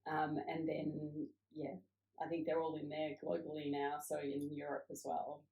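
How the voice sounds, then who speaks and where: With a low, gravelly, mellow voice and a monotone delivery at a moderate pace, this middle-aged cosmetics founder looks back on her career in a relaxed interview. Her stories are reflective and upbeat, and the recording has an echoey room sound.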